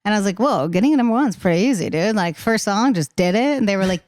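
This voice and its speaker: A young woman in casual podcast chat as a singer-songwriter guest, talking fast and laughing, acting out the voices she quotes. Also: mid-range voice, animated, darkish tone, no echo, clean studio sound.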